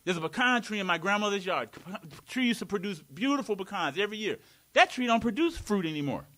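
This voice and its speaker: A man's voice: sits high, big pitch swings, quick pace, sharp tone. A man preaching a live sermon in a community worship hall, playful and laughing, with call-and-response.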